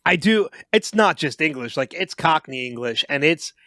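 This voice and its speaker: Brief: male podcast co-host, slightly high voice, excitable movie-review chatter, dry close sound. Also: normal speed, dry recording. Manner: animated, restarts and repeats words when excited. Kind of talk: casual movie review chat.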